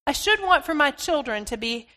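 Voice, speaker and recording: A woman's voice: high voice, expressive, sharp tone, voice pushed up. A woman playing a flustered middle-aged mother who stammers and halts as she searches for words. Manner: stammering, halting, rushed.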